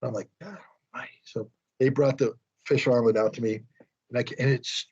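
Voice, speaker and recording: Husky American man telling a story. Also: mid-range voice, steady tone, brisk, darkish tone. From United States. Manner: rambling, self-deprecating storyteller with restarts. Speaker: guest. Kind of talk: telling an anecdote in an interview. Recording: dull lo-fi sound.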